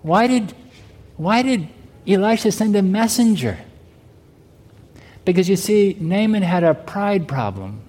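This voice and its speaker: A man's voice: high-pitched, expressive, unhurried, pauses often, darkish tone. A male pastor preaching a sermon, often asking the congregation whether they heard him. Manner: preaching with rhetorical questions to the congregation. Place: church sanctuary. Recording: long hall reverb.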